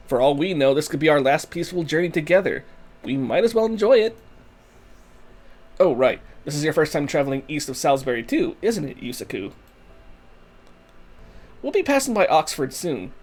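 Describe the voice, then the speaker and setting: A man's voice: a little high, darkish tone. A man voicing a cheerful female genius guide in a put-on stereotyped Italian accent, reading game lines. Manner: stereotyped Italian lilt, playful. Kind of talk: fan voicing of a game's story text.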